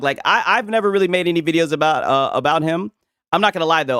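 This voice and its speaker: Animated, profane man in casual commentary. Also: sits high, fairly quick, no room sound, studio quality, soft background music. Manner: profane, animated, mocking, laughs often. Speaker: gaming commentary streamer.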